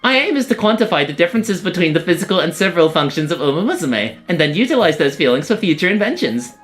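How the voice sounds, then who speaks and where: A streamer voicing an eccentric, excitable female scientist horse girl, lecturing in a theatrical way while reading a game story. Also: medium pitch, fast talker, faint music behind, close to an everyday voice. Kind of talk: game story read-along.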